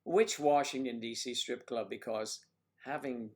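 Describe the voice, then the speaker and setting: A man's voice: medium pitch, a little slow, darkish tone. A man hosting a casual livestream, rambling and joking as he reacts to viewer comments. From United States. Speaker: livestream host.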